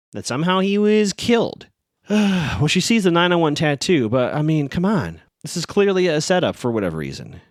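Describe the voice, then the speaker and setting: A man's voice: fairly high pitch, dry recording, studio quality. A man hosting a podcast, recapping a TV episode in a rambling, sarcastic, amused way. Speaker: podcast host.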